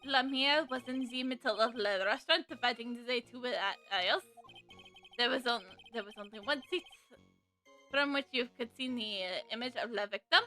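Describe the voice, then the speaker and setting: A woman's voice: a little high, normal speed, bright, forceful tone, faint music behind. Woman doing a flamboyant chef with fake French flair. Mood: showy.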